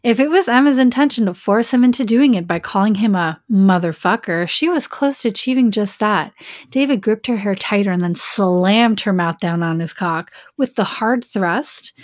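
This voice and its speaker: A woman's voice: medium pitch, expressive, normal speed, dry recording. Woman, podcast co-host, reading a story aloud, jokey asides, dry close sound. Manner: laughing asides, stumbling rereads.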